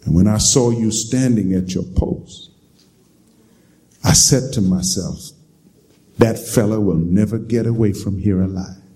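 Preacher doing a rough, low Southern veteran, grave and confessional, slow lively delivery. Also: male voice, lightly acted. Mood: solemn confession. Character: rough weather-beaten Southern ex-soldier man, confessing.

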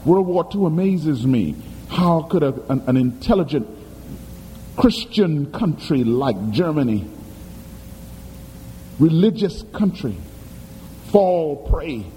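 Male pastor preaching, lively swoopy delivery, echoey hall, faint room noise. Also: fairly high pitch, takes it slowly, pauses often. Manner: dramatic, emphatic, questions the congregation. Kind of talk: sermon.

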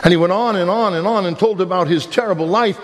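A man's voice: sits high, fast talker. A man preaching a sermon with emphatic rhetorical questions and a faint New York accent. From Brooklyn, New York. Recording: long hall reverb.

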